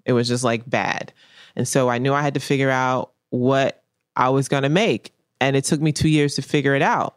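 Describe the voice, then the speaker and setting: A woman painter talks frankly in a relaxed interview, restating her key points for emphasis. She has a low-pitched voice, and the recording is dry and studio quality.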